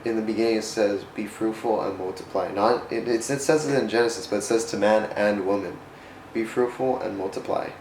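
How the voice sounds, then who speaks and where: A fairly low-voiced man talks earnestly about faith in a casual vlog, rambling and often correcting himself mid-sentence. His voice rings in a roomy, echoey space, with a faint hum of ambience behind it. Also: fairly even intonation, brisk, a little mellow. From United States. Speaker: vlogger. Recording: roomy echo.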